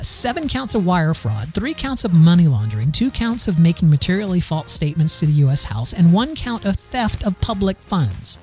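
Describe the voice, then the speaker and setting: A man's voice: fairly high pitch, darkish tone. Rambling sarcastic male podcast host. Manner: rambling, sarcastic, many fillers and restarts. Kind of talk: casual news commentary.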